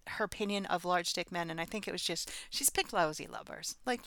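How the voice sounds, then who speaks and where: A woman's voice: fairly low pitch, lively intonation, brisk, few pauses, a bit bright, no room sound. A woman telling a story in a casual, blunt and frank way, breaking into laughing asides.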